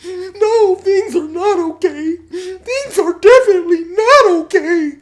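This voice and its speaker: A man voicing a distraught young male prison inmate who whines and sobs in a high-pitched voice. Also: slow. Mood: sobbing. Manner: sobbing, whiny, high-pitched.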